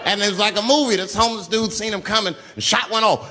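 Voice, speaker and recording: A man's voice: high voice, fast talker, hardly any pauses, shouting, background noise. A man doing stand-up, telling a profane story with lots of acted-out voices. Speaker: stand-up comedian.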